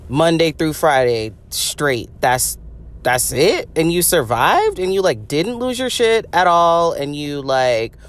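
A young woman hosts a podcast with a low voice that swings widely in pitch, speaking slowly. Her comedic monologue rambles and is profane, packed with "like" and laughter.

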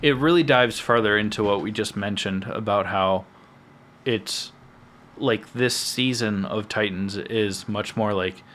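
A man's voice: on the low side, measured pace, fairly bright tone, a little hiss or hum. A young man co-hosting a podcast, chatting casually about a TV episode in a meandering way that often trails off mid-sentence. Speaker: podcast co-host. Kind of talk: casual chat reviewing a TV episode.

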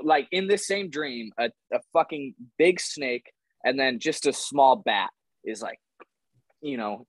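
A young man in his twenties telling stories in a casual podcast chat, swearing often and animated. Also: medium pitch, dry recording, rough recording. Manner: swears a lot, animated storytelling. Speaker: podcast guest.

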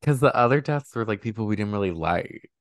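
Lively-voiced man chiming in. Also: on the low side, a little fast, dry recording, clean studio sound. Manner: brief, chiming in with short remarks. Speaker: podcast co-host. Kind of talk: casual book discussion.

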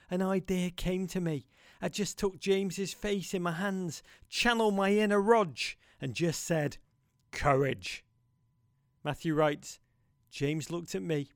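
A man delivers a podcast monologue with theatrical passion and playful asides. His voice sits a little high and rings smooth and clear. The sound is dry and close. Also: no echo. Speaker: podcast host.

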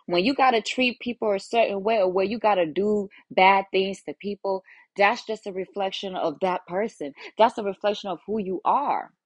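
Young woman ranting on her own podcast, swears a lot, close dry mic, middle pitch. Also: moderate pace, no echo. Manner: frank and profane, acts out her own inner voice. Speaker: podcast host. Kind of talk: casual solo podcast talk.

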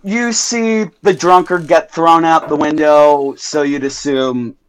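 Young male game master, slightly higher pitch, halting narration full of fillers. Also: fairly even intonation, slight background noise, rough recording. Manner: halting, many ums and self-corrections.

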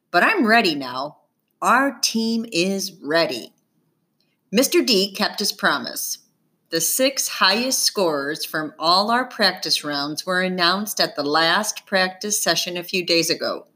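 A woman reading a children's novel aloud in the first person, with expressive storytelling. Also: medium pitch. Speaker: audiobook narrator.

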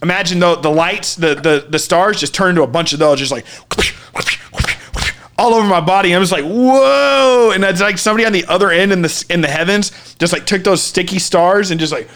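Male storyteller, a bit high-pitched, casual and animated, breaks into shouts. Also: a little fast, a little hiss or hum. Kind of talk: casual podcast chat.

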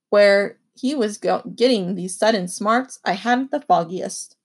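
A woman reading a children's novel aloud with expressive first-person narration. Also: mid-range voice, a little slow, few pauses, breathy edge. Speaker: audiobook reader.

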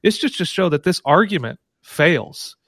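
This is a podcast guest, a man who argues in animated, emphatic bursts. His voice sits fairly high for a man. The recording is dry and close, with no room sound. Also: no room sound. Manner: emphatic and animated, quick asides. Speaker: guest, paper co-author. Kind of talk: casual academic debate.

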